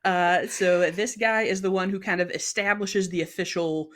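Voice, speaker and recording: A woman's voice: fairly low pitch, steady tone, moderate pace, a bit bright. A woman co-hosting a podcast, talking through her research in a loose, chatty way with many "um"s and "like"s and frequent laughter. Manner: chatty, lots of "um" and "like", laughs often; tells the research. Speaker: podcast co-host. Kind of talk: casual chat.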